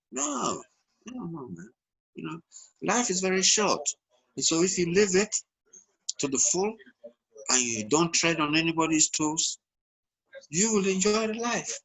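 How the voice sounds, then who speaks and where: A man's voice: fairly high pitch, sing-song, unhurried, gravelly, a bit bright, slightly rough, low-quality recording. An older man from Ghana, a podcast guest talking in a loose, rambling way, often repeating words. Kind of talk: casual conversation.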